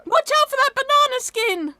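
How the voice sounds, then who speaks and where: A woman playing a booming diva. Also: expressive, moderate pace, pushed and bright. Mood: panicked. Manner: booming, dramatic. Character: grand injured leading lady, domineering. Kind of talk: amateur play reading.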